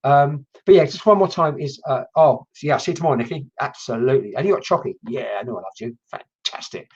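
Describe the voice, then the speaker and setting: A man's voice: mid-range voice, quick pace, a little mellow, breathy edge. Rambling man on a dull stream. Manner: rambling, chatty, reacts to comments. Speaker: spiritual medium. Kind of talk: casual livestream chat.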